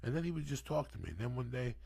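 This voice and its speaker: A man's voice: mid-range voice, big pitch swings, very fast, creaky, darkish tone, breathy edge. A man in his sixties, a podcast guest telling long, profane, rambling stories in a casual way. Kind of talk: casual storytelling.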